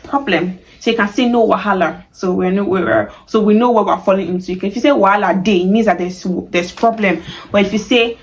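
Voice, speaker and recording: A woman's voice: medium pitch, rough recording. A young Nigerian woman giving a casual video lesson, chatty and laughing often, acting out sample phrases with playful emphasis. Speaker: language teacher.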